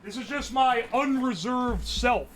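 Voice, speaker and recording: A man streaming live, chatting casually, loud and profane, yelling nearly every phrase. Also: very high-pitched, unhurried, slight background noise. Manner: brash and profane. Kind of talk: casual livestream chat.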